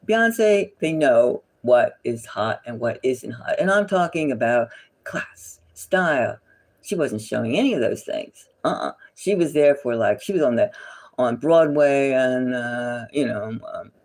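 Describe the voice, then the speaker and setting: Indignant tarot reader with a lively voice. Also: medium pitch. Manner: indignant, repetitive, drifting into whispers. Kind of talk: casual tarot reading with gossip.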